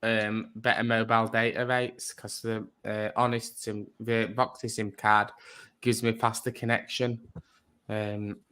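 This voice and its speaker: A man's voice: fairly low pitch, flat delivery, measured pace, pushed and bright, clean tone. A man chatting as a livestream guest, explaining things at length with many hesitant fillers. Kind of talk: casual chat.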